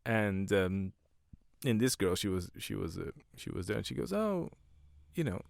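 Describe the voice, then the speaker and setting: A man's voice: deep voice, moderate pace, vocal fry, dry recording. A man, a stand-up comedian and podcast host, talking in a rambling casual monologue full of swearing and self-mocking jokes.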